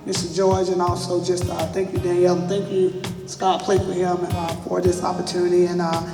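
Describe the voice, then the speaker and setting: A woman giving closing thanks to an audience, speaking haltingly with many fillers. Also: on the low side, completely flat delivery, music in the background. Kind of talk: thank-you remarks to an audience. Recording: echoey hall, far from mic.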